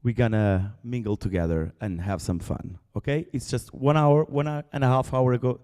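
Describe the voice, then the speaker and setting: A man's voice: medium pitch, normal speed, warm tone. A man with a Portuguese accent giving loose, joking closing remarks as an event organizer on stage. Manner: loose, joking, reads long name lists. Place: large conference auditorium. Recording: echoey hall with crowd behind.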